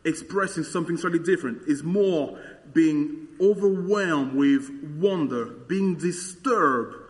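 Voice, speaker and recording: A man walks through a Bible passage in a relaxed, conversational way, with frequent "like" and "uh" fillers. His voice sits a little high for a man. The recording has a long reverberant tail. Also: measured pace. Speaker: Bible teacher. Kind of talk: explaining scripture verse by verse.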